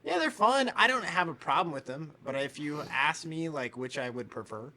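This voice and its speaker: Podcast co-host, man, bright tone, loose casual storyteller who swears and plays out the quotes. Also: a little high, normal speed. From United States. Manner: animated storyteller, acts out quotes, swears freely. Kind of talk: casual chat.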